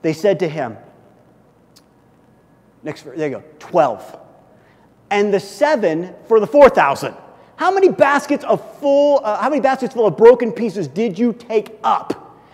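Brief: male preacher, slightly high voice, animated and chatty, long church-hall reverb. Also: a little slow, pauses often. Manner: animated, conversational, repeats "okay?" and "listen". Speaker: pastor. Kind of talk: sermon.

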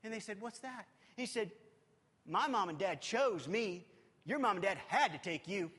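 A man preaching in a church hall with a high, lively voice that leaps up and down. His delivery is animated and urgent, then sinks to a hush, and long reverb hangs behind every phrase. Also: normal speed, husky. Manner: animated preaching, swinging from loud urgency to hushed intimacy. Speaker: youth pastor. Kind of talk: sermon.

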